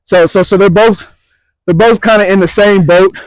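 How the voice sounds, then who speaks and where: A man's voice: high-pitched, fairly even intonation, moderate pace, no echo, poor audio. A man co-hosting casual sports talk, emphatic and slangy, often repeating himself. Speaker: sports podcast co-host.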